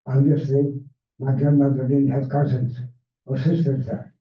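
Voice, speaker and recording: An older man with a Hungarian accent, a Holocaust survivor giving a measured personal testimony talk with non-native grammar, his first language Hungarian. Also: medium pitch, monotone, highs cut off. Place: library event room. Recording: echoey, distant, phone-thin sound.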